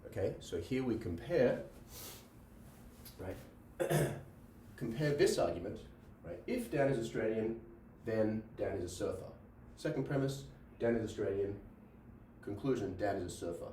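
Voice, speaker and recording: A male lecturer explains logic to a class, circling back and asking "right?" as he goes. His voice sits a little low and mellow. It is picked up from some distance in an echoey room with a faint hum of ambience. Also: expressive, a little slow. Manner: repeats himself, checks in with "right?". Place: classroom with a board.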